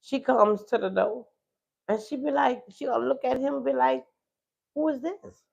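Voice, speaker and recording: A woman's voice: a little high, normal speed, vocal fry, darkish tone, breathy edge, dull audio. A woman host telling a story on a livestream in a casual, chatty way, often asking "you know what I'm saying".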